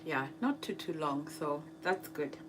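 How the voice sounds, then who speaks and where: A woman's voice: deep voice, expressive, noisy background. A woman hosting a cooking livestream, chatting casually with viewers, laughing often and trying out French phrases. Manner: unhurried, with many fillers. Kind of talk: casual live chat with viewers.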